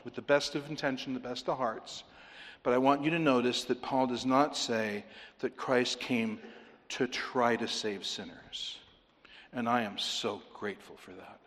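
A man preaching a sermon, emphatic and repetitive, often dropping to a quiet, intense delivery. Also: medium pitch, moderate pace, big-room sound. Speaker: pastor.

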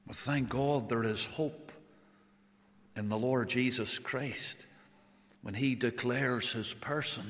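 In a hall with long reverb, a man delivers a slow sermon in a mid-range voice. He alternates between forceful proclamations and soft, tender moments, repeating phrases to drive points home.

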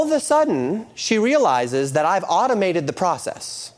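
A man's voice: high voice, normal speed, few pauses. Earnest man preaching a sermon. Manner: earnest preaching, shifting between quoted scripture and lively storytelling. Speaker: pastor.

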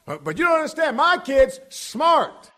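A man's voice: big pitch swings, a little slow, pushed and bright, full character voice. A man putting on the voice of a whiny parent protesting on behalf of their child. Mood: pleading. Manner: high pleading protest.

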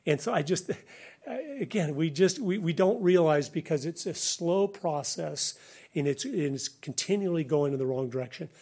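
A middle-aged man from the United States preaches in a loose, conversational way, his voice sitting a little high for a man. He grows animated as he builds each point and laughs lightly between them. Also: normal speed, slightly rough. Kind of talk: sermon-style talk.

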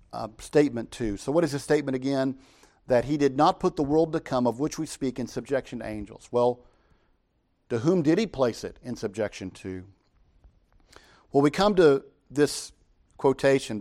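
A man's voice: mid-range voice, darkish tone. A middle-aged man preaching an expository sermon from the pulpit, conversational and full of rhetorical questions. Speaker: pastor.

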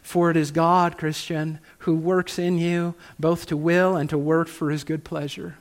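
A pastor delivering a sermon, his voice sitting a little higher than most men's. He talks emphatically and poses rhetorical questions to the congregation. He slows right down to lean on the phrases that matter most. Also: flat delivery.

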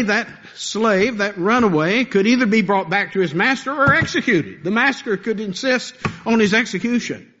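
A man's voice: sits high, fairly bright tone, dull audio. A man preaching a sermon as pastor, earnest and building to impassioned pleas.

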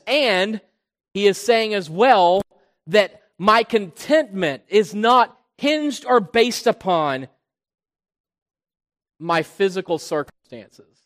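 A man preaching a sermon as pastor. He swells loud on key points and drops low and soft on quiet ones. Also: lively intonation, takes it slowly. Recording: long reverb of a large hall.

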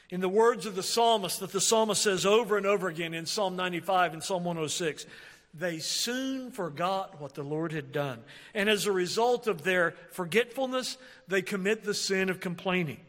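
A man delivering a sermon with a high, bright, ringing voice. He preaches emphatically, rising loud on key points and dropping low and quiet for asides. His voice carries a long reverb from a large hall. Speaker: pastor.

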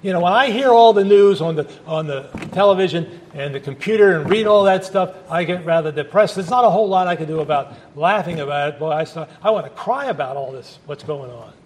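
A man's voice: a little high, fairly quick, few pauses, a little mellow, slight background noise. A male pastor preaching a sermon at a church service in a conversational, emphatic way, with asides to the congregation.

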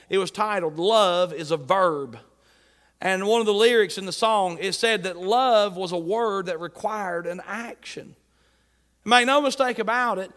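A man's voice: sits high, a bit bright, in a large hall. A man preaching a sermon, reading scripture aloud and driving points home by repeating key phrases. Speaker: pastor.

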